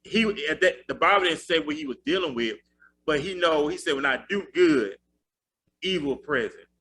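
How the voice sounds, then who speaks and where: A man's voice: on the high side, expressive, moderate pace, pushed and bright, husky. A man hosting a casual faith talk show, conversational and quoting scripture.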